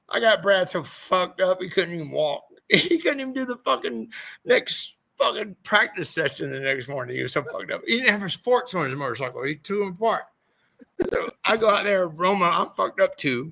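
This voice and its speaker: Gravelly high-voiced man telling profane stories. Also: expressive, moderate pace, bright, forceful tone, rough recording. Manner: profane, rambling anecdotes. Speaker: podcast guest, former motorcycle racer. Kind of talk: casual storytelling interview.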